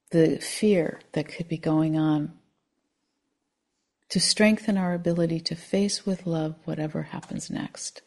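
Soft-spoken woman giving a dharma talk. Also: lowish voice, gravelly. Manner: soft, slow and contemplative, at times near a whisper. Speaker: meditation teacher.

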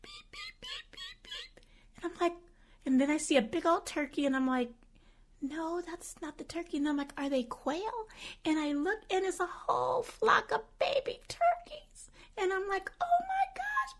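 A woman meditation teacher gives a dharma talk at a retreat center. She speaks in a casual, reflective way, searching for words and restarting her phrases as she goes. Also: medium pitch.

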